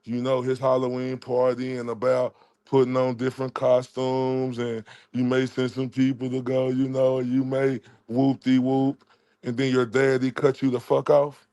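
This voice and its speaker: Profane ranting man, gravelly voice. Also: mid-range voice, completely flat delivery, normal speed, dark tone. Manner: confrontational, profane, mocking. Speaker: livestream commentator. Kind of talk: heated livestream rant.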